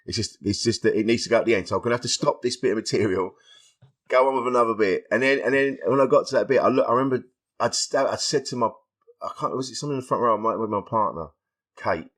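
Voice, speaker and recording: A man, a stand-up comedian guest on a podcast, telling stories in a lively way and acting out the voices of people he quotes. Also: medium pitch, fast talker. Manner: animated storytelling, acts out quoted voices. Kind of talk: casual podcast interview.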